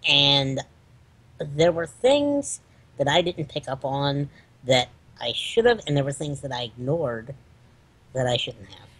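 A man's voice: medium pitch, very animated, slow, a bit bright, slightly rough. A man co-hosting a casual chat, talking hesitantly with frequent ums while telling a personal story. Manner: hesitant, filler-heavy storytelling. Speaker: podcast co-host.

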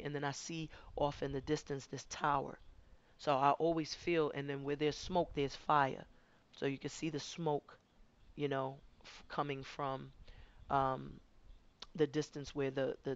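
A woman's voice: a bass voice, muffled recording. A woman giving a conversational spiritual tarot reading, rambling and often repeating her words. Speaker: tarot card reader.

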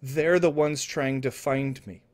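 A man putting on the voice of a frantic neighbor who shouts in panic. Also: mid-range voice, fairly even intonation, measured pace, close to an everyday voice. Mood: panicked. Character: panicked screaming male neighbor.

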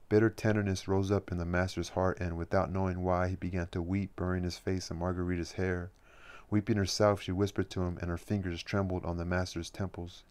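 A man narrating a classic novel aloud in a steady, measured way. His voice sits very low and stays level throughout. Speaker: reader. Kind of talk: audiobook reading.

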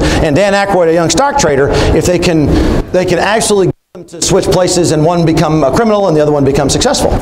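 A man's voice: high voice, noisy background. A man speaking at an industry conference, telling a story and walking through numbers in an explanatory way. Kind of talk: keynote speech. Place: conference hall.

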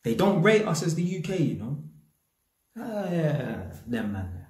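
A YouTube commentator from England, a man with a London accent, rants bluntly straight to his audience, full of slang and swearing freely. His voice is a little high, a little mellow, very animated yet unhurried, and the sound is reverberant.

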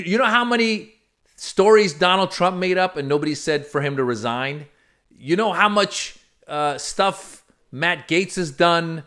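Comedy commentary host: sarcastic, animated man, slightly high voice. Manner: animated, sarcastic, swinging pitch. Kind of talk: comic political commentary.

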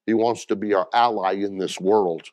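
A man's voice: fairly low pitch, steady tone, normal speed, darkish tone, dry recording. A middle-aged man preaching a sermon as pastor, talking plainly and directly to the congregation and calling for responses.

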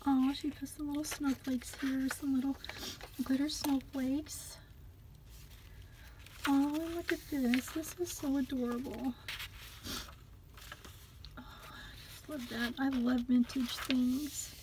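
A woman chatting casually as she unboxes craft gifts on her vlog, gushing with delighted exclamations and often dropping to a soft, near-whispered voice. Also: high-pitched, steady tone, takes it slowly, background noise. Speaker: craft vlogger unboxing a gift swap.

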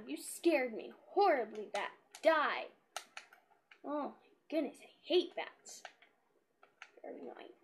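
Quiet high-voiced woman gaming. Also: animated, slow pace, pauses often. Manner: quiet, hesitant, many ums. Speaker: gamer. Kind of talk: casual let's-play commentary.

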